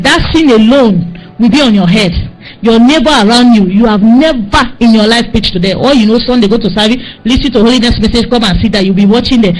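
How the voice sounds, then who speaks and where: A woman's voice: on the high side, a little mellow, low-quality recording. A woman with a Nigerian accent preaching a sermon, scolding and exhorting her listeners with insistent repetition.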